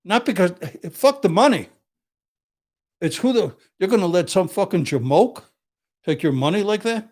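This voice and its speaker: A man's voice: high voice, expressive, normal speed, a little mellow. An older man, a criminal defense attorney, telling blunt, profane tough-guy stories in casual chat with acted quotes. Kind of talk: casual storytelling.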